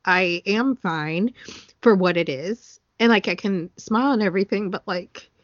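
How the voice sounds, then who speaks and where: An earnest woman talks in a casual podcast chat, sometimes near tears, with many fillers. Her voice is mid-pitched for a woman. The recording is dry and a little dull. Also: normal speed, dry recording. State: tearful. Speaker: podcast co-host.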